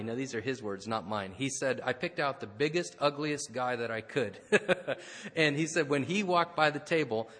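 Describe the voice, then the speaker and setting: A man preaching a sermon, chatty and full of "right?" asides. His voice is bright and forceful, with long reverb from a large hall. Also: medium pitch. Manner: conversational, many asides and "right?" tags. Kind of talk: sermon with storytelling.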